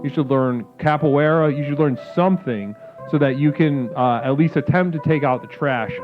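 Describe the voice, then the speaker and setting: A man's voice: on the high side, normal speed. A man hosting a call-in show in a grandiose, mock-spiritual manner, swearing freely. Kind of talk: mock-guru call-in talk. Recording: phone-like lo-fi sound with music. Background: music.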